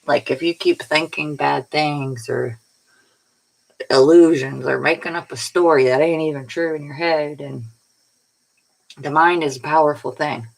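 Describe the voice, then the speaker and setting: A woman's voice: deep voice, steady tone, a little slow, gravelly, rough recording. A woman tarot reader giving a casual, rambling spiritual pep talk in a colloquial way, sounding tired. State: tired, yawning.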